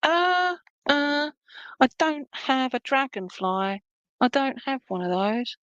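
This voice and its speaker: A woman's voice: high-pitched, sing-song, slow pace, dry recording, highs cut off. Chatty woman giving live readings. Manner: warm, chatty, meandering, lots of fillers and "okay?". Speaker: psychic medium doing live readings. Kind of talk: live-stream reading, casual chat to viewers.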